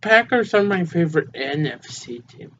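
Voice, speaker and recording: Young male podcast co-host, slightly high voice, easygoing and rambling, lo-fi sound. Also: very animated, normal speed, a bit bright. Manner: rambling, easygoing, hesitant fillers. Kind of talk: casual podcast chat. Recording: dull lo-fi mic with faint noise.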